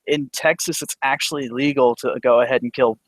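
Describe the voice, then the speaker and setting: A man co-hosting a podcast in casual chat, sharing odd facts in a relaxed, matter-of-fact way. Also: medium pitch, brisk, very noisy. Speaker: podcast co-host.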